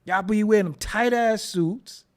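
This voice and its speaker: A man's voice: high-pitched, measured pace. A man hosting a casual commentary show, joking and riffing in slangy with frequent laughs. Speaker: host.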